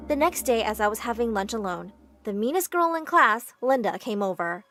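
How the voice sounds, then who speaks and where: High, lively woman narrating a cartoon story. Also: moderate pace, soft background music. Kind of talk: first-person animated story narration.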